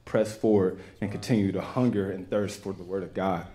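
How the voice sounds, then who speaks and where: A young man with a Texan accent giving an earnest, halting personal testimony to a church congregation. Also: sits low, fairly even intonation, warm tone. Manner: earnest, halting, with many restarts. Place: church sanctuary.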